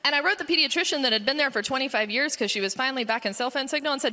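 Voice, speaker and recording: A woman's voice: high voice, expressive, rapid-fire, few pauses, pushed and bright. A woman pediatrician in her thirties giving an earnest personal testimony at a mission conference, her voice rising as the story grows emotional. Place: large conference hall. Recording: long hall reverb.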